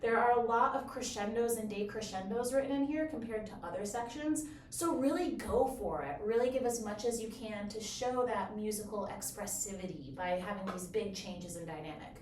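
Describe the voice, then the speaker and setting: A woman explaining bassoon technique in a clear, encouraging, step-by-step way. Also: moderate pace, hardly any pauses, a little mellow, slight background noise. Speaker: bassoon teacher. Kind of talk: instructional explanation. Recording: roomy echo, from a distance.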